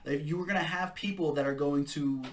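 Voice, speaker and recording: A man's voice: fairly high pitch, a little fast, a little hiss or hum. A man hosting a talk about marketing meetings, speaking casually with emphatic, punchy repetition.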